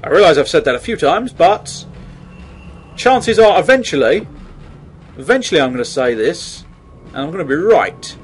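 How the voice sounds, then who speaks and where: Chatty gamer, fairly high voice. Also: male voice, sing-song, moderate pace, pauses often, soft background music. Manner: jokey, chatty, mildly sweary. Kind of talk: let's play commentary.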